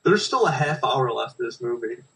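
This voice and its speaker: A man's voice: medium pitch, lively intonation, moderate pace, pushed and bright, distant mic, poor audio. A man co-hosting a podcast, making crude, wry jokes while watching a movie. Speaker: podcast co-host. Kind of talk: casual movie commentary chat.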